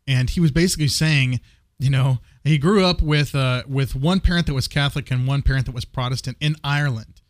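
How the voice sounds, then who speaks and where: A man's voice: mid-range voice, brisk, no room sound, studio quality. A man in casual conversation, speaking with passion and emphasis, often repeating words as he builds a point. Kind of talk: casual faith discussion.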